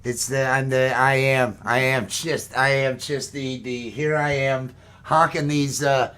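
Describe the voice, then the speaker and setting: A man's voice: medium pitch, bright, forceful tone, smooth. Jokey man hosting a live music stream. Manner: jokey, rambling. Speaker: host. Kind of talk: live-stream show banter.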